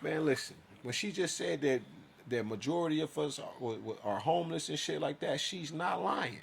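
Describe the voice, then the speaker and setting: A man's voice: fairly high pitch, expressive, normal speed, creaky, slight background noise. A man telling his own story in a casual, profane monologue, acting out his side of conversations.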